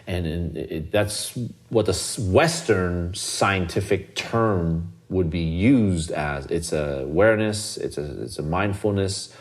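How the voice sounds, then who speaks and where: A man's voice: low voice, slow pace. A man hosting a podcast in casual conversation, earnest and often restarting as he searches for words. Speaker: podcast host.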